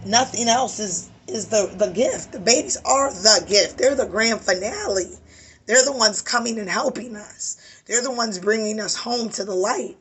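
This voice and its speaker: Woman tarot reader, emphatic and preachy, tired voice, bright and breathy. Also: mid-range voice. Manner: preachy, emphatic, swears casually. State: weary voice. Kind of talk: spiritual tarot reading.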